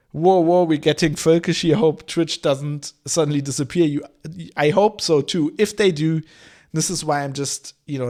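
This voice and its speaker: A man, hosting a live-streamed solo podcast and explaining history in long, winding asides. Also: a little high. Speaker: podcast host.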